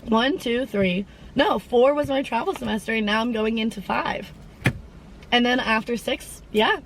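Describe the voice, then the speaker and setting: A woman's voice: a little high, normal speed, slight background noise, low-quality recording. A young woman of about twenty hosting her own podcast, in a casual, rambling chat full of tangents and fillers. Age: around 20. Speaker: podcast host.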